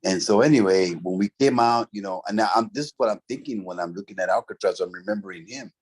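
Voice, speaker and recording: A man's voice: lowish voice, fast talker, slightly rough. A middle-aged man, telling a story from his past in a casual, profane, streetwise way, full of "bro" and "right?". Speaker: interview guest, former convict.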